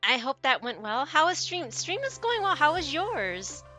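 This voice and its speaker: Bright-voiced woman streamer chatting. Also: sits high, very animated, normal speed, faint music behind. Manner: chatty and giggly, trailing off and restarting. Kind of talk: casual live-stream chat.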